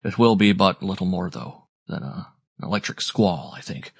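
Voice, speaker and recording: A man voicing a weathered ship captain who talks in calm, plain-spoken seaman's dialect. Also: low-pitched, moderate pace, gravelly, husky, exaggerated voice.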